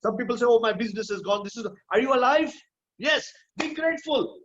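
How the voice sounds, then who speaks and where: High-voiced man giving a motivational talk. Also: lively intonation, brisk, fairly bright tone, dull audio. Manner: emphatic, repeats key phrases, frequent "hmm?" check-ins. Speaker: motivational speaker. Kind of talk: motivational talk at an online event.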